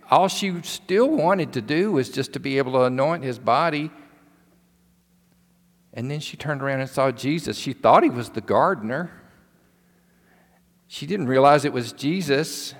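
A male pastor preaching a sermon in a church, retelling a story with emphatic repetition. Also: mid-range voice. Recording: long hall reverb.

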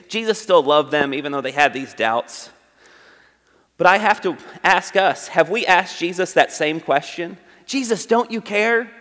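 A man preaching in a church, speaking in a fairly high voice. He chats his sermon, jumps up in pitch when he acts out quoted lines, then goes soft and earnest. The big room gives his voice a long reverb tail. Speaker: pastor. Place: church sanctuary.

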